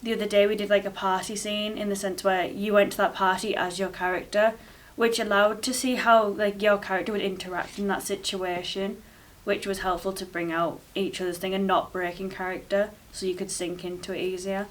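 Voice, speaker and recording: Woman, casual project chat, monotone delivery, a bit far from the mic. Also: medium pitch, a little fast, hardly any pauses. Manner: rambling, filler-heavy, flat delivery. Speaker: drama student.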